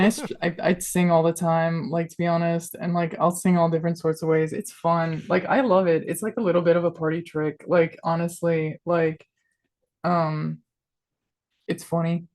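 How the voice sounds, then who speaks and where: A woman's voice: on the low side, darkish tone. Rambling, playful woman podcast guest. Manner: rambling, filler-heavy, says "like" constantly; playful, switches between voices. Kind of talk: casual interview chat.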